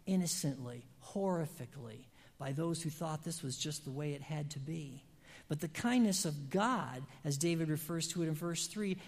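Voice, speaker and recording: A preacher gives a sermon in a church sanctuary, and the voice trails off into a long hall reverb. The delivery is emphatic, full of dramatic pauses, and swings from loud passages to hushed, near-whispered lines. The pitch sits in an ordinary middle range.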